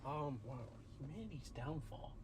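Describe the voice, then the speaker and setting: A young man in his early twenties chatting casually on a podcast, rambling excitedly through speculative ideas. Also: fairly high pitch, moderate pace. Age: young adult. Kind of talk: casual chat.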